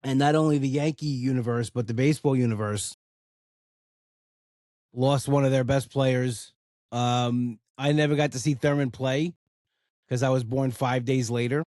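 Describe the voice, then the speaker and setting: A man hosts his own podcast in a loose, rambling way, circling back on his words with "you know" as he goes. His voice sits at an ordinary middle pitch. The sound is dry and close, with no room around it. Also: darkish tone, no room sound. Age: 40s. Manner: rambling and heartfelt, lots of "you know" fillers. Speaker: podcast host. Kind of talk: casual solo podcast talk.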